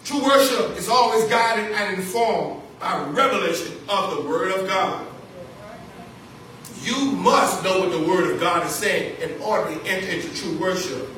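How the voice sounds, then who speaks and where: A pastor delivers a fervent sermon in a high, ringing voice with a bright edge. He drives points home by repeating them and checking in with the congregation. The sound comes from a distant mic in a very echoey church hall with faint background noise. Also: moderate pace. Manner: fervent preaching, repeating key phrases, calling out to the congregation. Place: church sanctuary.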